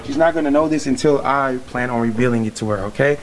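A man's voice: mid-range voice, fast, noisy background. A young man vlogging in a hotel room, talking hyped and straight to his viewers about a prank setup. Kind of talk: casual prank vlog talk.

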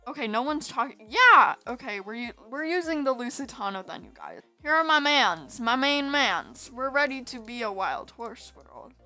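Bright-voiced sleepy woman gamer. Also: sits high, very animated, moderate pace, few pauses, faint music behind. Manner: chatty, giggly, rambling. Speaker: gaming video host. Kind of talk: casual gameplay commentary.

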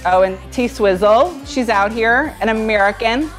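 A woman's voice: fairly high pitch, measured pace, faint music behind. A woman from the UK giving chatty, sassy fashion reaction commentary as a vlogger. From United Kingdom.

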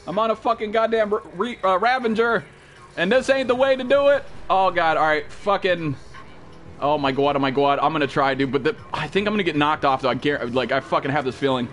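A man streaming a survival game live, cursing and yelling to his chat and teammates for help, then reading out donations. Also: a little high, brisk. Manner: panicky, profane, yelling for help. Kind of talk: live gameplay commentary.

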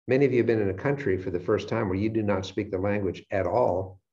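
Brief: low-voiced male lecturer, animated storyteller, dull lo-fi recording. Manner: animated storyteller acting out his own reactions. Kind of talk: motivational lecture. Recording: dull lo-fi sound.

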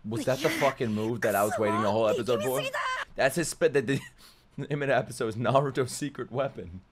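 A young man streaming anime reactions from his room, excitable and profane, often breaking into laughter. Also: medium pitch, quick pace, a little hiss or hum. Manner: excitable, swears a lot, bursts into laughter. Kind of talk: casual reaction commentary.

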